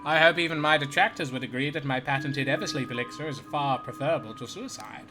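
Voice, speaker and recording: A man's voice: mid-range voice, fast talker, over music, close to an everyday voice. A man voicing a pompous, theatrical male doctor with grand, formal manners, reading game dialogue aloud. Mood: grandly courteous.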